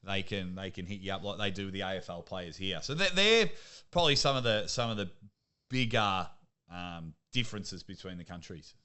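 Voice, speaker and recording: Bright-voiced Australian bloke telling stories. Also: male voice, low voice, normal speed, clean tone. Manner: lively storyteller, laughs at himself. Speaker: podcast guest, sports commentator. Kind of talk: casual interview chat.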